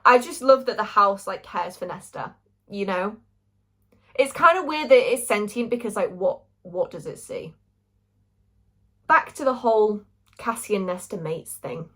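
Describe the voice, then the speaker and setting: A woman's voice: mid-range voice, measured pace. Gushing young woman vlogger. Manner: gushing, animated, swears freely. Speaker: book reviewer. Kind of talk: casual chat.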